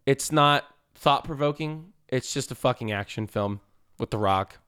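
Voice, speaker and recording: A man co-hosting a podcast in casual chat, animated and swearing, acting out quotes with a jump up in voice. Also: medium pitch, moderate pace, clean tone, no echo, clean studio sound. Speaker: podcast co-host.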